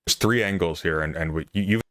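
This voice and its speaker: A man talking calmly and firmly, measured and lecturing as he steers a call. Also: low-pitched, dry recording, studio quality. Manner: calm, measured, firm and lecturing. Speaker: interviewer.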